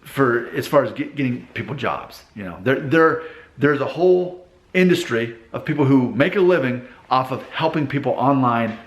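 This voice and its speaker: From his father's car repair shop, a man in his thirties gives casual advice straight to camera, talking things through conversationally and acting out quoted people in exaggerated voices. His mid-range voice is expressive and moves at a normal speed. The workshop makes the recording echoey.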